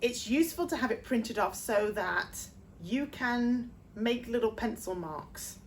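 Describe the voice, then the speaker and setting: A woman coaching singers through sheet music, with a fairly high voice. She breaks each rhythm down patiently and now and then sings a short phrase to show it. A faint hiss sits under the recording. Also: lively intonation. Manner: explains slowly, sings short demo phrases. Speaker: vocal coach. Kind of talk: music theory lesson.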